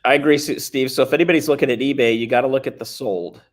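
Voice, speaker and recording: A man's voice: mid-range voice, steady tone, fast talker. Man hosting with short practical advice. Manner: brief agreeing remarks, practical advice. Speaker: livestream host. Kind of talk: casual livestream chat.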